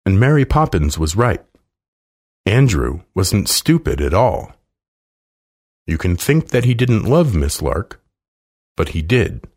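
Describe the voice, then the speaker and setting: A man reading a children's storybook aloud slowly and expressively. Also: deep voice, darkish tone. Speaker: narrator.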